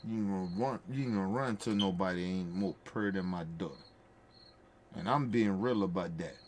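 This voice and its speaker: In a loose storytelling chat, this podcast host speaks briskly in a lowish voice, hammering points through repetition. He comes across as blunt, profane and sincere, and a faint hiss runs beneath his speech.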